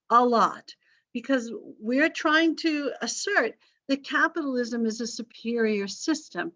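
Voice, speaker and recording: Teaching history in a loose, talkative style, the woman revises her own words and slips in humorous remarks. Her medium-pitched voice is fairly bright but a little strained from vocal cord damage, and the audio has its highs cut off.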